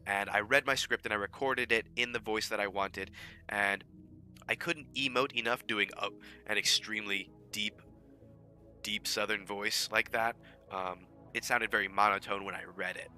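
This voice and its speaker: Bright-voiced man chatting casually. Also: fairly low pitch, steady tone, normal speed, faint music behind. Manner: rambling, with many fillers and restarts. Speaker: fan audio drama creator. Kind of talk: casual behind-the-scenes talk.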